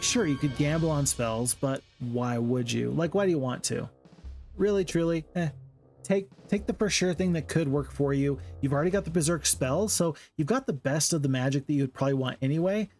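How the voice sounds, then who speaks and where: A man talks through a strategy-game playthrough in a casual, joking way, breaking into excited outbursts now and then. He sounds tired from the late hour, and his voice sits a little higher than most men's. Quiet game music plays underneath. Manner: chatty, jokey, excitable outbursts. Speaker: gaming commentator. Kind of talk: casual let's-play commentary.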